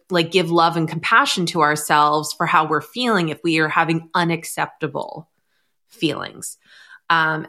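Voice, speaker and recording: Chatty woman host, candid and animated. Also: deep voice. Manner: candid, animated storytelling, acts out quotes. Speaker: podcast host. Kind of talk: casual conversational interview.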